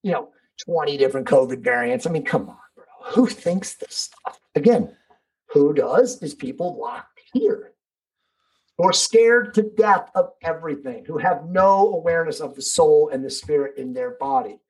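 A man's voice: fairly high pitch, lively intonation, normal speed, a little mellow, husky, rough recording. A man speaking as a podcast guest in casual conversation, emphatic and preachy, swearing freely.

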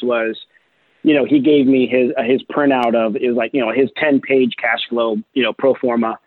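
A man's voice: mid-range voice, no room sound. Chatty man on a tinny phone line. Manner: chatty, animated, many fillers like "you know" and "right". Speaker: guest, real estate investor. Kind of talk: casual interview storytelling.

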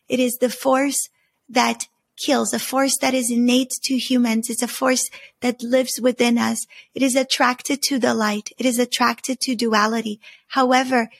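Earnest woman with a gravelly, husky voice. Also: a little high. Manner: earnest, measured, slow deliberate emphasis. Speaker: podcast host teaching on story symbols. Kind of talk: reflective spoken teaching.

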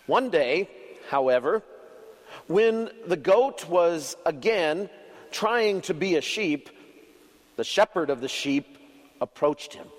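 A man preaching a children's sermon as an expressive storyteller who uses dramatic pauses. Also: on the high side, in a large hall. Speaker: pastor.

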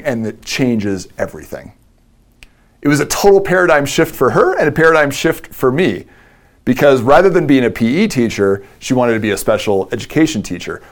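A middle-aged man giving a chatty, self-deprecating storytelling talk from a conference stage. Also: mid-range voice. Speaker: conference speaker. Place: conference stage before a live audience.

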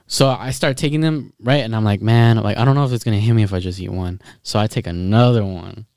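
A young man telling a profane, animated story in a casual chat, acting out his own lines. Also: fairly low pitch, fast, no echo, clean studio sound.

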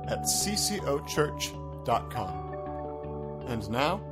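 Male announcer over loud music. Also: mid-range voice, big pitch swings, drawn-out words. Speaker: program announcer. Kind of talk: scripted announcement. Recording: music bed behind the voice.

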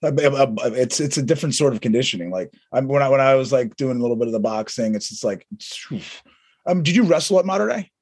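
A man interviewing a guest casually, talking in halting phrases full of restarts. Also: mid-range voice, animated, a little mellow, slightly rough. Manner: halting, lots of fillers and restarts.

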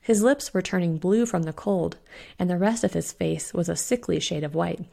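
A woman reading her own short story aloud in a steady, expressive storytelling voice. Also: fairly low pitch, normal speed, vocal fry. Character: witch Fiona voiced in own voice.

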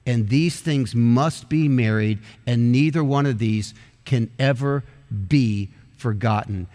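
A middle-aged man preaching a sermon as pastor, telling a story with quick asides and slowing down for emphatic phrases. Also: medium pitch, big-room sound.

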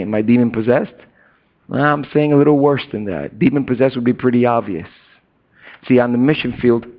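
Middle-aged male pastor preaching, lo-fi. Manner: conversational preaching, swinging from loud and high to hushed and low; casual slang and asides to the congregation. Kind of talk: sermon. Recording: dull lo-fi recording.

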